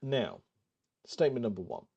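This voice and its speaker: A man's voice: mid-range voice, wildly swooping pitch, moderate pace, gravelly, dark tone, slightly rough, lo-fi sound. A man co-hosting a podcast, dry and hesitant, reading out quiz statements. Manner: dry, hesitant with frequent ums. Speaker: podcast co-host. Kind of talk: casual chat, quiz host.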